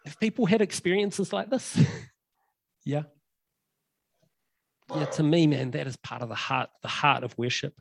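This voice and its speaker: A man's voice: on the high side, lively intonation, a little slow, creaky, long pauses. A man preaching a sermon in a conversational way, with lots of ums and emphatic repetitions.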